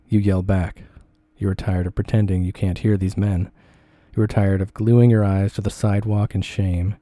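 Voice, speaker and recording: A man reading a second-person essay aloud in a measured, deliberate way. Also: on the low side, mellow, no echo.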